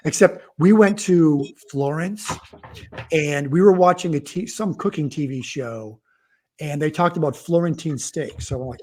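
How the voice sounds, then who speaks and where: A man's voice: fairly high pitch, a little mellow. A middle-aged man, an author guest on a casual livestream chat, telling rambling stories and often cutting himself off mid-sentence. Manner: rambling, self-interrupting storyteller.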